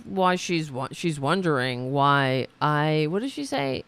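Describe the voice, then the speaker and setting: Indignant, sarcastic woman host, very animated pitch. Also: a little slow, few pauses, clean tone. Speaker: political commentary host. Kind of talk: livestream commentary reacting to clips.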